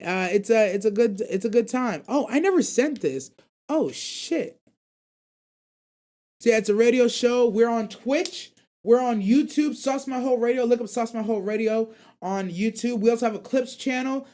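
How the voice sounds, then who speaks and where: A man's voice: very high-pitched, normal speed. Young dude hosting an anime stream show, rambly slang, voice jumps around when he gets hyped. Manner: loose slang-heavy rambling with animated voice jumps. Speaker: host of an anime call-in radio show. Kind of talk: casual livestream chat, reading viewer chat.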